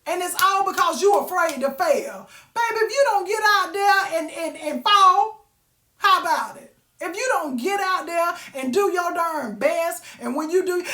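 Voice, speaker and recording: A woman's voice: very high voice, lively intonation, a little slow, bright, forceful tone, reverberant. A woman giving a sassy, preachy motivational talk, calling listeners baby and honey. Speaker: motivational vlogger.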